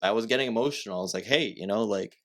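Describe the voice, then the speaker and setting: A man's voice: lowish voice, rapid-fire. A young man from Massachusetts, a podcast guest, telling a story in casual chat, rambling with lots of filler words and self-corrections.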